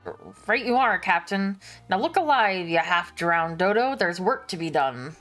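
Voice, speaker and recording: A woman voicing a crude, blustering pirate sailor man who talks in a rough pirate dialect and hurls insults. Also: lowish voice, wildly swooping pitch, takes it slowly, sharp tone, faint music behind, exaggerated voice. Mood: gruff.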